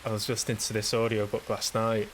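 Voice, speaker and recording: A man's voice: lowish voice, completely flat delivery, fast talker, a little hiss or hum, poor audio. A man hosting a solo podcast, rambling through a casual monologue in a self-deprecating, sweary way. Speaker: podcast host.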